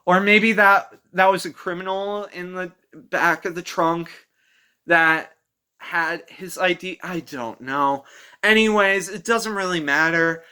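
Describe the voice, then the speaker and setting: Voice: medium pitch, slow pace, bright, forceful tone, smooth. A movie reviewer talking casually and rambling with amusement through the plot, full of fillers and acted-out quotes.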